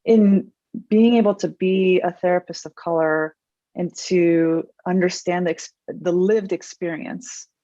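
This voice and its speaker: A woman psychologist guest speaking in a thoughtful, measured way, pausing with fillers. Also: on the low side, fairly even intonation, mellow, no echo. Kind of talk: interview conversation. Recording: muffled dry video-call audio.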